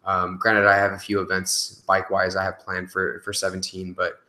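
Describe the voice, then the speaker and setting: A young man answers viewer questions on a live stream in loose, casual talk, peppered with fillers and swearing. His voice sits low but comes across forceful and bright. The sound bounces around a roomy space. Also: monotone, normal speed. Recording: echoey room.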